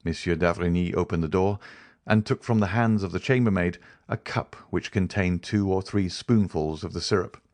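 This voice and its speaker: Deep-voiced male audiobook narrator. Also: normal speed, a little mellow. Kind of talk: scripted narration.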